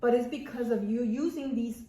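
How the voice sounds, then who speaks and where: A woman's voice: on the high side, moderate pace, warm tone. A woman in a casual talk-show discussion who backs up her co-host and adds short points of her own. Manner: agreeing, supportive interjections. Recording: echoey room.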